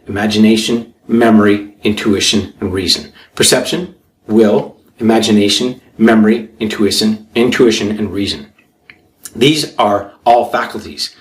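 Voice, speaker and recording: Earnest motivational man, echoey room. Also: mid-range voice. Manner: earnest, repetitive, emphatic. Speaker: self-help coach. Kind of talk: motivational talk.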